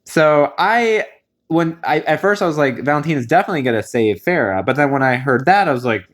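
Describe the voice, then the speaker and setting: A man's voice: fairly high pitch, fairly quick. Chatty man recapping a show. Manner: chatty, animated, many fillers and restarts. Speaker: reality show reviewer. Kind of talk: casual recap vlog.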